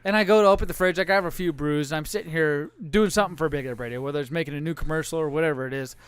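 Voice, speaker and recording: A man's voice: on the high side, rapid-fire, smooth, no echo. A middle-aged man telling crude stories as a podcast co-host, swearing freely and acting out the people in them. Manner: profane, animated, acts out voices in anecdotes. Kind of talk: crude casual storytelling.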